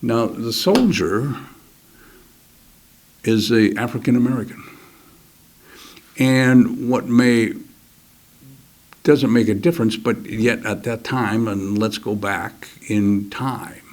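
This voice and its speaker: Older man with a husky low voice. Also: darkish tone. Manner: halting, many restarts, drops to a near whisper at key moments; acts out other soldiers' words in quick quoted voices. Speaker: interview guest. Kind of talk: personal war story told in an interview.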